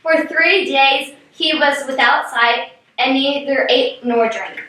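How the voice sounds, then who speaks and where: A woman's voice: high voice, takes it slowly, pushed and bright, far from the mic. A young woman reading scripture aloud in a plain way and stumbling on names. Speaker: scripture reader. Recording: echoey room, off mic.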